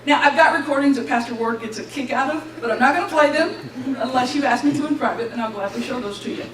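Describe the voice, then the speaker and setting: A young woman with a high voice tells her testimony in a church hall, animated and quick to laugh as she acts out each voice in her story. She sounds distant from the mic, and the room rings with echo under a faint hiss. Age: young adult. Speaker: graduate giving a testimony.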